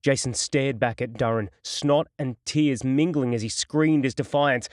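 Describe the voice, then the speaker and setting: A man narrating a crime novel audiobook in a steady, measured storytelling voice. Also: mid-range voice, dry recording, studio quality.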